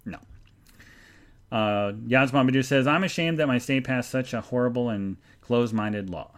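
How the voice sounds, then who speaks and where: Speaking at normal speed in a mid-range voice, this podcast host rambles and chats through a live show. He reads comments from listener chat aloud and throws in sarcastic, joking promotions for the show.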